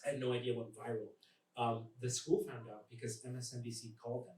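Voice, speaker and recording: A man's voice: mid-range voice, quick pace. A man performing a live stand-up comedy set, telling stories and acting out the voices of the people in them. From born in Mexico, raised in the United States. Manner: animated storytelling, acting out characters' voices. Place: live comedy stage in front of an audience. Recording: echoey room, mic from a distance, audible ambience.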